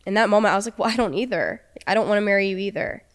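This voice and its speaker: Talking very fast in a mid-range voice, a young podcast guest casually recounts a personal story and quotes what people said.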